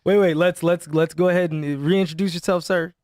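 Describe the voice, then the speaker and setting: A man hosting a casual studio interview, easygoing and quick to laugh. His voice sits a bit high. The room sounds dry and close. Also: fairly even intonation, darkish tone, dry recording. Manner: laid-back, laughs often. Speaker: host.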